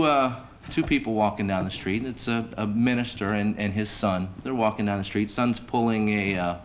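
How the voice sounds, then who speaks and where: A man with a lowish voice hosts a banquet from a podium microphone. He talks in a folksy, easygoing way, full of little fillers and restarts. Faint hiss sits under the recording. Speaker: master of ceremonies, sports director. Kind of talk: ceremony hosting with a told joke. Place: banquet hall.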